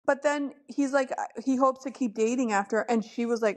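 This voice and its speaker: A woman's voice: a little high, fairly quick. A woman co-hosting a casual podcast chat about reality TV, opinionated and emphatic, laughing often. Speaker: podcast co-host.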